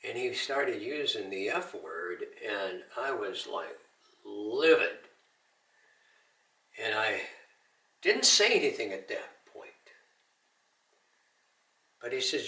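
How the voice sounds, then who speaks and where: A man's voice: fairly low pitch, sing-song, slow pace, pauses often, bright, forceful tone, roomy sound, far from the mic, poor audio. Older male veteran, earnest testimony, recorded off-mic. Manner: earnest storytelling with Christian encouragement. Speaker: Army veteran telling his story. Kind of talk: personal testimony.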